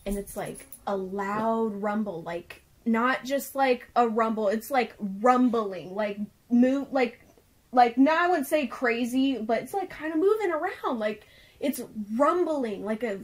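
A woman's voice: a little high, lively intonation, measured pace. A young woman earnestly retelling a personal experience in casual chat, filling nearly every phrase with "like". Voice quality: filler-heavy, says "like" constantly. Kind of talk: casual storytelling.

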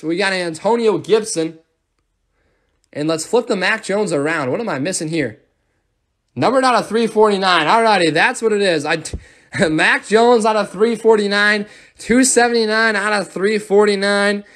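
A man's voice: sits high, a bit bright. A young man hosting a live sports card break, rattling off player names and thanking viewers as he opens packs.

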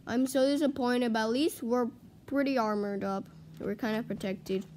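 A gaming video creator narrates her own gameplay in a slightly high, a little mellow voice with a steady tone and moderate pace. She rambles, gets flustered easily, and slips into frantic panic whenever her team is in trouble, with a faint hiss under the recording.

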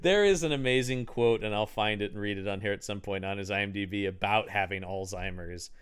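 A man co-hosting a podcast, chatting casually about an old movie, animated and laughing often as he slips into mock voices. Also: fairly low pitch, fairly quick, clean tone. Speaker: podcast co-host. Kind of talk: casual movie commentary chat.

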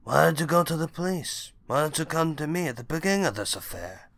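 A man's voice: on the high side, very animated, fairly quick, vocal fry, a bit bright, pitched above the performer's own voice, full character voice. A man doing a cold, grave crime boss. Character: cold, proud older male crime boss.

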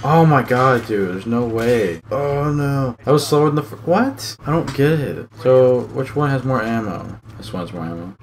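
A man's voice: mid-range voice, expressive, moderate pace, hardly any pauses, darkish tone, a little hiss or hum. Frustrated young man cursing at a game. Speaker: gaming channel host. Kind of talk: gameplay commentary.

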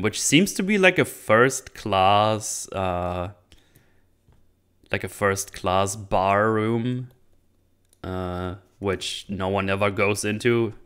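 A man's voice: low-pitched, a bit bright, clean tone. Chatty man recapping a film. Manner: rambling, laughing, acting out characters' lines. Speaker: channel host reviewing a movie. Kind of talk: casual movie recap and commentary.

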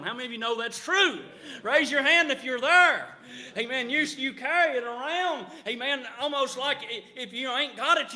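Middle-aged male preacher, high bright tone, shouting revival delivery with frequent amens. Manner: rising to shouts, punctuated with amen. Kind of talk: revival sermon. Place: church.

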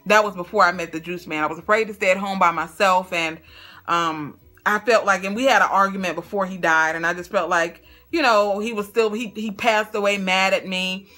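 Excited bright-voiced woman vlogger. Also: medium pitch, a little fast, faint music behind. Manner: excitable, stutters when excited, talks to viewers as girl and y'all. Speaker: vlogger opening fan mail. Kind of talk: casual chat.

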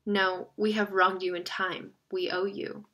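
A woman's voice: medium pitch, little pitch movement, a little slow, sharp tone. A woman voicing a shaken, frightened young boy in a read-aloud story.

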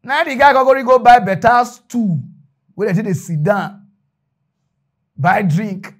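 A man with a Nigerian accent telling a comic story in Pidgin, jumping between loud bursts and hushed asides. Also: high-pitched, unhurried. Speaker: comedian storyteller.

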